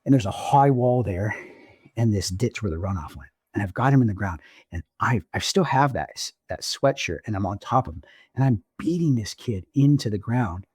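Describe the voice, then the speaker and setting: A man co-hosting a podcast, telling stories in casual chat and jumping up in pitch when he gets excited. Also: normal speed, breathy edge, dry recording, clean studio sound. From Oregon. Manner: animated storyteller, pitch jumps when excited. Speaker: podcast co-host.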